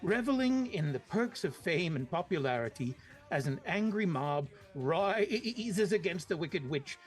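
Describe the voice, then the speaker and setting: A man's voice: high voice, expressive, unhurried, soft background music, rough recording. A man voicing a learned male goat doctor with an oddly British, slightly goaty manner, reading in a mock-grand storybook way.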